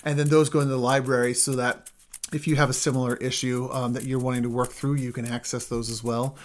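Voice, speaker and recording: A middle-aged man co-hosting a marriage show speaks fairly quickly in a flat, mid-range voice. As a marriage coach in casual teaching chat, he explains communication habits in an earnest, emphatic way, with intensity building in his lists.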